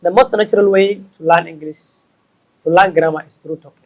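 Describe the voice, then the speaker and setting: High-voiced man teaching English. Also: lo-fi sound. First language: Somali. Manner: slow, repetitive, stops to correct himself. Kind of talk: explaining tips to learners.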